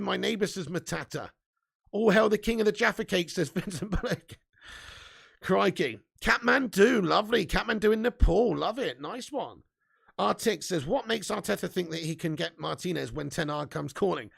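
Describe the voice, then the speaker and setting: A man hosts a live fan stream in a high voice with a heavy gravelly rasp. He chats loosely with his viewers, reads out their comments, laughs a lot and swears casually. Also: a bit bright. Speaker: football fan channel host.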